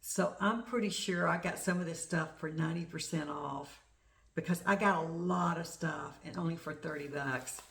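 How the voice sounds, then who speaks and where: Chatty, gravelly-voiced woman crafting vlogger. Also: deep voice, moderate pace. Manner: chatty storyteller, excited. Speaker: flosstube host. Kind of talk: casual crafting vlog chat. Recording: echoey room.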